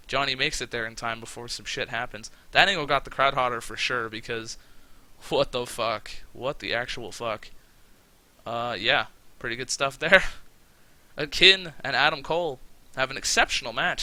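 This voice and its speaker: Excitable male let's-play narrator, very bright tone, swears freely. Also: mid-range voice, low-quality recording. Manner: excitable and profane, with frequent fillers. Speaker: game commentator. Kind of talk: casual let's-play commentary.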